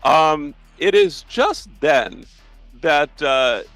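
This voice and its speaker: A man's voice: a little high, sing-song, very slow, vocal fry, a bit bright, faint music behind, rough recording. A man acting as game master, narrating a tabletop role-playing scene loosely, with frequent restarts.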